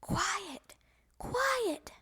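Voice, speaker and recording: A woman voicing an eager, forgetful little boy frog in a read-aloud storybook, squeaky and bouncy. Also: sing-song, unhurried, heavily acted. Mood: whispering. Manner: squeaky, bouncy, shouting with glee.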